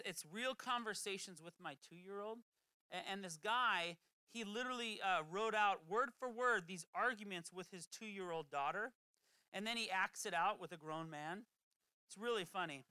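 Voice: mid-range voice, moderate pace, bright, forceful tone, clean tone, no room sound. A preacher giving a casual, chatty sermon that keeps slipping into quoted voices. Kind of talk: conversational sermon.

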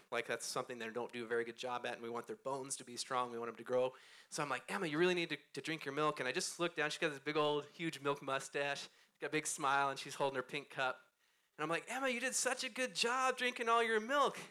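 A man's voice: mid-range voice, sharp tone. A man in his thirties preaching a casual, conversational sermon on a church stage, speaking close into a microphone, self-deprecating and often laughing as he talks. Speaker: pastor. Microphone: close handheld or stand microphone.

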